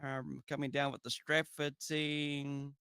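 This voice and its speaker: A man from New co-hosting a casual live show, upbeat and giving shout-outs to viewers. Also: mid-range voice, little pitch movement, slow pace, clean tone, no echo, clean studio sound. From New Zealand. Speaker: co-host. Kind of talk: casual live-stream chat.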